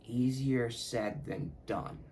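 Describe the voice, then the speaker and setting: A man's voice: medium pitch, takes it slowly, creaky, a little mellow, slight background noise. A man hosting his own podcast, talking casually in a rambling, profane way that often corrects itself. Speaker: podcast host. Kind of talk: casual solo podcast talk.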